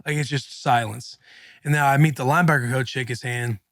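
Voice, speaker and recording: On the podcast he co-hosts, a man in his thirties who once played linebacker in the NFL tells a story with slang and acted-out quotes. His medium-pitched voice is steady, fairly quick and a touch bright, with no echo.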